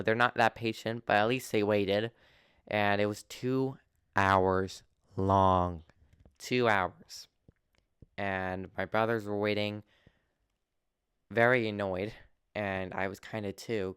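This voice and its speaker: A young man telling a personal story in a halting, earnest way, full of restarts and fillers. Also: lowish voice, fairly bright tone, smooth, no echo, studio quality. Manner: earnest and open. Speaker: vlogger.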